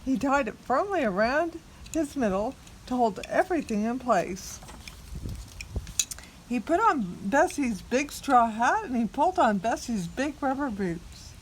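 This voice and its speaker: A woman reading a picture book aloud to a small child, expressive and coaxing the child to join in. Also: high-pitched, measured pace, slight background noise.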